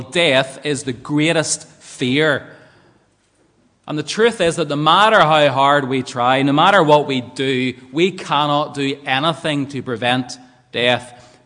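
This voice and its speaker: A man's voice: on the high side, a bit bright. A man with a Northern Irish accent preaching a sermon in a church, earnest and fond of rhetorical tag questions. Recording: long church hall reverb.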